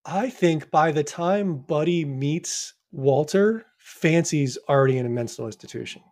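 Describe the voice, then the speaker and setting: A man's voice: on the high side, a little slow, darkish tone. A man co-hosting a podcast, chatting about a film in an easygoing way with frequent restarts. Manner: easygoing, hesitant restarts, laughs along. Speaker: podcast co-host. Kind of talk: casual movie discussion.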